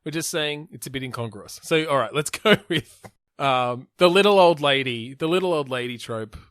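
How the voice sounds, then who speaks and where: A man's voice: medium pitch, moderate pace, a bit bright, dry recording, studio quality. A man hosting a podcast, steering a game-design brainstorm with questions and frequent restarts. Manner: steers the talk, asks questions, self-correcting restarts. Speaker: podcast host.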